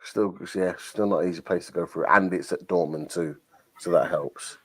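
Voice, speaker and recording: A low-voiced man on a football fan livestream backs up his co-host and calmly walks through the rules of a contested penalty, with a few restarts. The sound is close and dry, like a home video-call mic. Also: normal speed, breathy edge, dry recording. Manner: agreeing, explains the rules, fillers and restarts. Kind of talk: post-match fan chat on a livestream.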